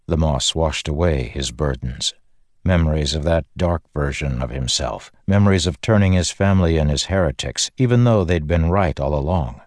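Deep-voiced man narrating an audiobook. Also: darkish tone, dry recording, clean studio sound. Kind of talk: scripted narration.

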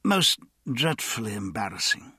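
A man voicing an anxious, embarrassed Victorian gentleman in an audiobook, with a halting, pleading manner. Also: sing-song, slightly rough, no room sound, clean studio sound, heavily acted. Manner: halting, pleading, raised pitch.

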